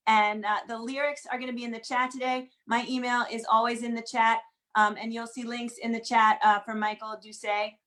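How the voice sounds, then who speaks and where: Upbeat high-voiced woman hosting a video call. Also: little pitch movement, bright, forceful tone. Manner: upbeat, quick roll-call greetings. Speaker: host of an online group singalong. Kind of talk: casual welcome and announcements.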